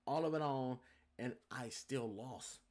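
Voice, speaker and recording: A man's voice: mid-range voice, a little slow. A young man hosting a podcast, telling a story casually with lots of swearing and talking straight to his listeners. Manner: animated, profane, addresses listeners as y'all. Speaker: podcast host.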